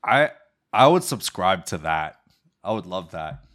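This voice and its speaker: A man with a very deep, low voice talks sports in an easygoing podcast chat. He sounds relaxed and amused. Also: unhurried. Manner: relaxed, laughing, acts out quotes. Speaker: podcast co-host.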